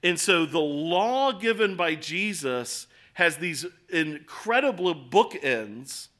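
An American man delivers a sermon with a bright, forceful edge to his voice. He speaks a little higher than most men and keeps the tone earnest and conversational. He leans on rhetorical questions as he teaches. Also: lively intonation, takes it slowly. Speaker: pastor.

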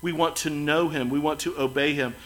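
A man preaching a sermon as pastor, earnest, building to emphatic lines and then dropping soft and quiet. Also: fairly high pitch, fairly even intonation, brisk, poor audio.

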